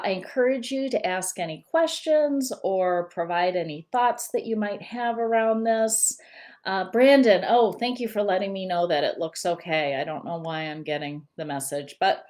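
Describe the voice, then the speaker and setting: A woman's voice: mid-range voice, a little mellow. A woman business coach who talks in a chatty, welcoming way as she speaks directly to viewers in a live-streamed talk. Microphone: computer camera for a live stream.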